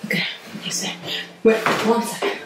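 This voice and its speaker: A woman's voice: moderate pace, recorded from a distance, background noise. A young woman filming a prank vlog with her dad, talking in a playful, pleading, giggly way. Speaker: family channel vlogger. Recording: echoey room, off-mic, music underneath.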